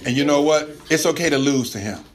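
A man's voice: fairly high pitch, fast. A male pastor preaching a sermon in a loose, conversational way. He laughs often and keeps restarting his phrases. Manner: animated, laughing colloquial preaching with many restarts.

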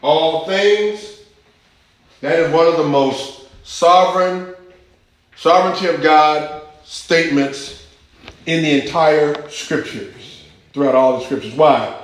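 A man's voice: on the high side, a little slow. A man preaching a sermon, teaching scripture with emphasis and asking the congregation questions. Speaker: pastor. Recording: echoey church hall.

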